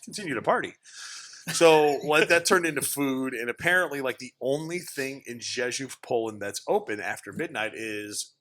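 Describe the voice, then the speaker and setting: A man's voice: mid-range voice, moderate pace. A man guest telling wild tour stories in a casual interview, swearing freely and acting out what people said. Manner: animated, swears freely, acts out quotes. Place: indoor studio loft.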